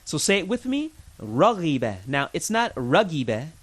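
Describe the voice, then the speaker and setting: A man's voice: a little high, wildly swooping pitch, normal speed, a bit bright. A man teaching an Arabic lesson, patiently drilling pronunciation with lots of repetition, chatty and informal with his learners. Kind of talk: recorded language lesson.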